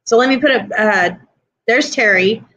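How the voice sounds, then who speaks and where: A woman's voice: a little high, normal speed, a bit bright, dull audio. A woman co-hosting a live stream, chatting casually and rambling with lots of fillers. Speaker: podcast co-host.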